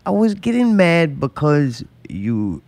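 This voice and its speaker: A man co-hosting a casual chat, telling a story in a profane, animated way. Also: a little high, slow, dry recording.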